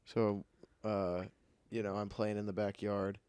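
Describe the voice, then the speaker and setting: A man's voice: lowish voice, little pitch movement, measured pace, a little mellow, clear, resonant tone, no echo, studio quality. A young man co-hosting a podcast, telling jokey stories in casual chat and laughing through them. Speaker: podcast co-host.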